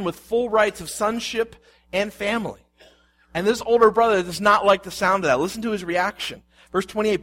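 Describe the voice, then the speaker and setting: A man's voice: sits high, fairly bright tone. A man preaching a sermon, reading scripture aloud and explaining it with rhetorical questions. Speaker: pastor.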